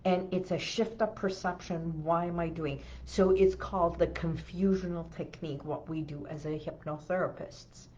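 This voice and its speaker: A woman's voice: lowish voice, steady tone, moderate pace, hardly any pauses, mellow, dull audio, a little hiss or hum. A middle-aged woman hypnotherapist gives a self-help talk, telling a personal story and often checking in with the listener with an "okay?".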